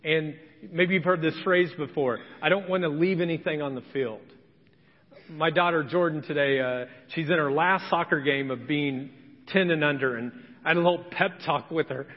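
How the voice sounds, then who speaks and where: Speaking at a moderate pace in a somewhat high voice, this Indiana pastor delivers a sermon in a conversational style, putting on voices for the people he quotes. The setting is a church sanctuary in Indiana, USA, captured with echoey, dull, lo-fi audio.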